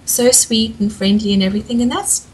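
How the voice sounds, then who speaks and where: A woman's voice: a little high, brisk, a little mellow, a little hiss or hum, rough recording. A woman co-hosting a podcast, chatting candidly and openly in a casual way. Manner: chatty, candid, frequent laughter.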